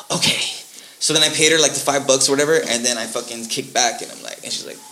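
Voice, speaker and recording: A man's voice: medium pitch, a little fast, pushed and bright, low-quality recording. A man telling a rambling story in casual podcast chat, swearing a lot.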